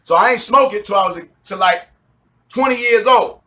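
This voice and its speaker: High, bright-voiced New man telling his story. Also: normal speed. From New York City. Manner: swears a lot, street slang, keeps asking if you follow; laughs often while telling the story. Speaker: minister giving a testimony. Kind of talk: animated storytelling testimony.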